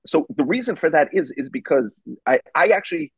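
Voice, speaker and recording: A middle-aged man, a rabbi telling a story on a charity broadcast panel, casual and animated, with many fillers. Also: on the high side, a little fast, breathy edge, no room sound, low-quality recording. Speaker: rabbi and parenting speaker.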